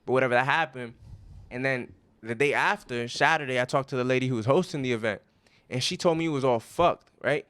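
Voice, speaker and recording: Podcast co-host, New man, rapid, clear delivery, slangy and profane. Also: mid-range voice, no echo. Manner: profane, animated storyteller with slang. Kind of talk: casual chat, storytelling.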